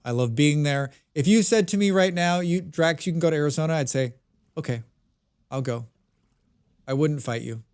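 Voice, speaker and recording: A man's voice: mid-range voice, darkish tone, clean tone. A man streaming a survival game, chatting casually with his viewers and answering their messages. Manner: chatty, reads and answers chat. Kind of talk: casual live-stream chat.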